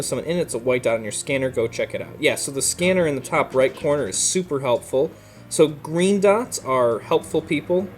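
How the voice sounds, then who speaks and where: Laid-back male gamer with a mid-range voice, chatty and meandering, over quiet game music. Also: medium pitch. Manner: relaxed, rambling, many fillers and laughs. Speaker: let's play host. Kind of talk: casual gameplay commentary.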